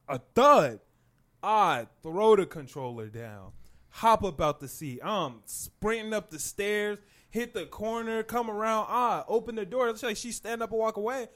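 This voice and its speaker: A young man swaps stories with his friends in a casual chat. His voice sits high and moves through a wide, animated range of pitch. His delivery is loose and profane, and laughter keeps breaking into the telling. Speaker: storyteller among friends.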